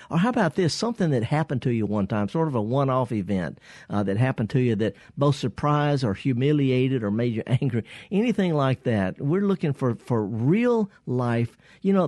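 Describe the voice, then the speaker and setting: A man's voice: mid-range voice, a little mellow, no echo, clean studio sound. A man hosting a call-in garden radio show, talking in a rambling, folksy way with many restarts. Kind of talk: casual call-in radio chat. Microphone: studio microphone.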